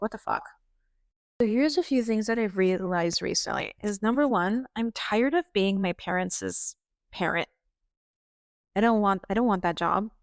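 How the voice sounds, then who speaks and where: A woman's voice: medium pitch, clear, resonant tone, no echo, clean studio sound. Exasperated woman venting, swearing freely. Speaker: podcast host. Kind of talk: personal monologue.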